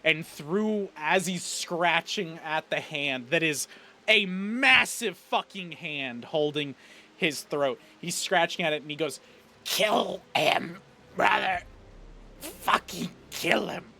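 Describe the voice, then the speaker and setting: A man's voice: fairly high pitch, animated, slow, pushed and bright, slight background noise. A man narrating as game master of a tabletop game in a casual, swearing style.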